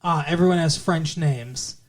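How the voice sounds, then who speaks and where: In a casual movie-review chat, this man co-hosts a podcast, rambling and profane as he discusses a film. He speaks a little slowly in a slightly high voice.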